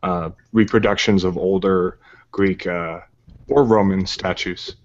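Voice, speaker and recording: A man as a guest on a video call, relaxed and explanatory with a sarcastic streak. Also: low voice, unhurried. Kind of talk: casual chat on a video call. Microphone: dynamic recording microphone. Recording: dull lo-fi video call audio.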